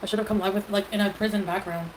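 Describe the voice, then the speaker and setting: A woman's voice: medium pitch, fairly even intonation, quick pace. Rambling woman livestreamer over noisy audio. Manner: rambling, defensive, full of fillers. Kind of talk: casual livestream talk. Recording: livestream audio with background noise.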